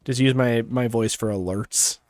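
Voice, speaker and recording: A man's voice: mid-range voice, takes it slowly, a little mellow, no echo. A man streaming a game live, chatting casually in a laid-back, chill way and chuckling often. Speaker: gaming streamer. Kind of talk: casual gaming livestream chat.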